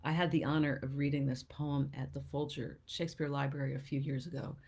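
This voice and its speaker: A woman with a low, husky voice hosts a live poetry show, talking and reading verse aloud. She lets phrases sink into soft, breathy near-whispers, then lifts brightly. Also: steady tone, brisk. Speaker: poet and show host.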